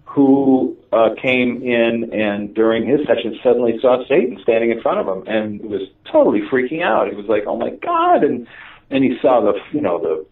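A man telling stories in a casual conversation, animated and laughing, with many fillers and restarts. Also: mid-range voice, moderate pace, few pauses. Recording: distant, tinny phone-like audio.

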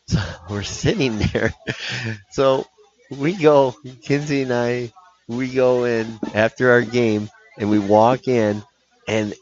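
A man's voice: sits low, moderate pace. A man, a hockey coach, telling a rambling road-trip story in casual podcast chat. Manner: animated, laughing storyteller with many restarts. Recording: dull lo-fi podcast audio.

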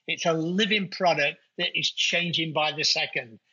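A man's voice: on the high side, normal speed, pushed and bright, husky, muffled recording. A middle-aged man from England with a Nottingham accent, chatting colloquially as an interview guest. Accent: Nottingham English. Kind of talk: casual interview chat.

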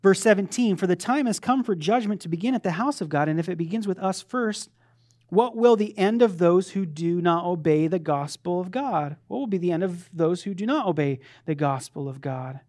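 A man's voice: high-pitched, lively intonation, a little fast, few pauses. Fervent male preacher, rising and falling. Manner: swings between loud fervent preaching and soft conversational asides; acts out quoted voices of his children playfully. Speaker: pastor. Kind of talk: sermon.

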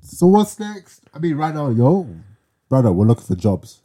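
Here a young podcast co-host talks in a fairly high, warm, sing-song voice at a normal speed. He retells a story with animation in casual chat, acting out quotes with slang and tagging lines with "yeah?"

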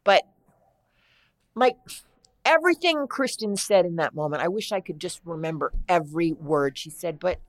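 A guest actress in middle age tells a lengthy story during a relaxed interview, her lowish female voice carrying lively intonation. The telling wanders and stalls, with frequent restarts.

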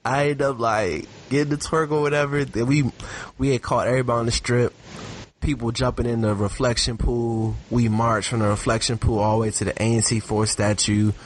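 A man's voice: medium pitch, a little fast, slight background noise. A man chatting casually on a podcast, telling stories in a loose, slangy way and laughing often. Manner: animated storyteller, laughs often; slangy, relaxed. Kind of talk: casual chat.

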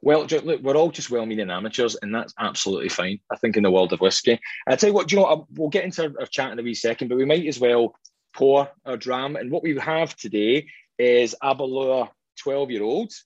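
Scottish male host, fast-talking and jokey, slightly husky voice, dull dry recording. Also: mid-range voice, animated, a little mellow, no echo. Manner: chatty, jokey, quick and self-deprecating. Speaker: host of a whisky tasting show. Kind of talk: casual tasting chat.

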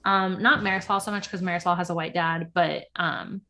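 A woman's voice: lowish voice, steady tone, brisk, sharp tone. A young woman co-hosting a podcast, gossiping casually about a reality show and saying "like" a lot. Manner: chatty, gossipy, full of "like". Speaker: podcast co-host. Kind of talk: casual chat recapping reality TV.

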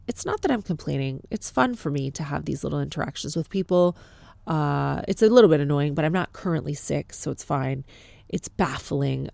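A woman with a Canadian accent tells a story in an exasperated, sarcastic rant. Her voice is gravelly with some vocal fry, and it sounds close and dry with no room echo. She swears freely and keeps a casual tone. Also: sits low, a little mellow.

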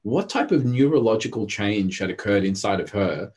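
A man's voice: lowish voice, expressive, normal speed, darkish tone, slightly rough. A man, a therapist and coach, telling intense stories in a casual podcast conversation and acting out what people said. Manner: intense, storytelling, acts out quotes.

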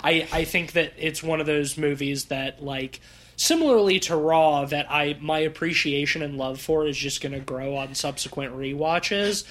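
A man's voice: a little high, moderate pace, fairly bright tone. A man co-hosting a podcast, talking about movies in a rambling, casual way with many fillers. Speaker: podcast co-host. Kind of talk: casual film chat.

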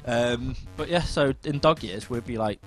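A man's voice: medium pitch, moderate pace, faint music behind. A man co-hosting a podcast, opening the show and chatting with a bouncy delivery. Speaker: podcast co-host. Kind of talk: casual chat.

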